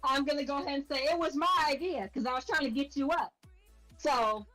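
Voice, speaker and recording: A woman's voice: high-pitched, a little fast, sharp tone, faint music behind, poor audio. A woman playing in an online tabletop game, talking in a casual, blunt and defiant way. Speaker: player.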